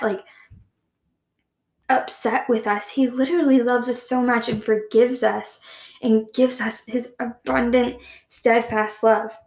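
A woman talks through a devotional Bible study in a relaxed, chatty way, peppering her talk with "like" and slowing down to read each verse. Her voice sits a little high and rings in a roomy, echoey space. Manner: chatty, many "like" fillers, reads verses slowly. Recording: echoey room.

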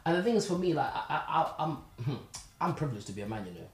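A man from Zimbabwe hosts a casual podcast chat, telling stories animatedly before turning earnest and reflective. He speaks fast in a fairly high, sing-song voice, and the recording has a roomy echo.

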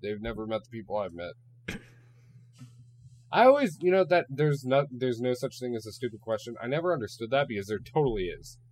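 A man's voice: medium pitch, brisk. Swearing young man telling stories. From Ohio, USA. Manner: swearing, animated storytelling. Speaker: podcast host. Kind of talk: casual podcast chat.

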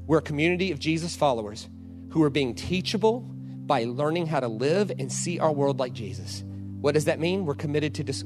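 A man in his forties preaching a sermon, telling a story and acting out scenes and quotes. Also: a little high. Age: 40s. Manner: animated, acts out scenes and quotes. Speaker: pastor.

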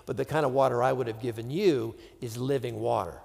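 A patient teacher who speaks calmly and insistently, as a preaching man voices him. His words carry the long reverb of a hall. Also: mid-range voice, a little fast, creaky, voice pushed down.

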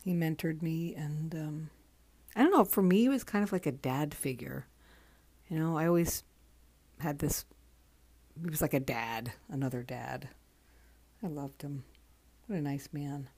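A woman in her forties hosting a podcast, talking casually in a soft, halting way, worn out from crying. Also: low-pitched, breathy edge, no echo. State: exhausted from crying. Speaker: podcast host. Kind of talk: casual spoken tribute monologue.

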